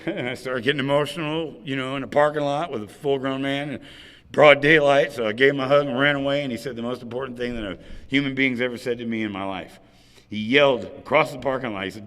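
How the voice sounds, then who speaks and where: Guy sharing his recovery story, bright forceful voice, big echoey hall, keeps saying right? and man. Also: medium pitch, fast talker. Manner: emotional, swelling to loud outbursts; conversational, peppered with "right?" and "man". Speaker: recovery meeting speaker. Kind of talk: personal recovery story told to a meeting. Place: large meeting hall. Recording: long hall reverb.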